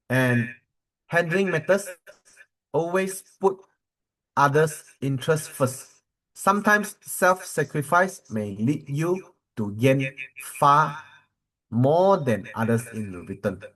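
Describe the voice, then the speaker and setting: Slow Malaysian English trainer. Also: male voice, fairly high pitch, animated, a bit bright, poor audio. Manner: interactive, quizzing the audience, many fillers. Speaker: corporate trainer. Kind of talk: storytelling motivational training.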